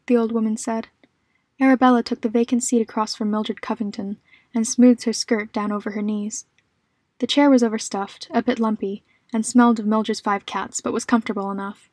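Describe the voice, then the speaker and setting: Woman reading a spooky story, calm and steady, kinda high voice, dry sound. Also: fairly quick, no echo. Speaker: narrator. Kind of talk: scripted horror story narration.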